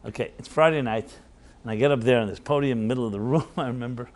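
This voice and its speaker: A man's voice: mid-range voice, rapid-fire, darkish tone. Rabbi guy spinning a story at a workshop, chatty, lots of uhs and little laughs, keeps going "right?". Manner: anecdotal, chuckling, filler-heavy; conversational, audience tag questions.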